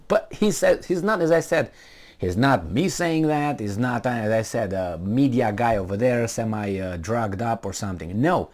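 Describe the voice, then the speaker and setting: A man giving casual, sarcastic commentary on a news story he reads aloud, rambling with many fillers and restarts. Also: lowish voice.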